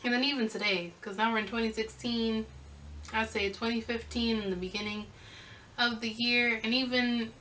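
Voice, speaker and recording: A young woman vlogger telling a casual storytime, sassy and animated as she acts out the back-and-forth. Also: fairly high pitch, normal speed, distant mic, slight background noise, rough recording.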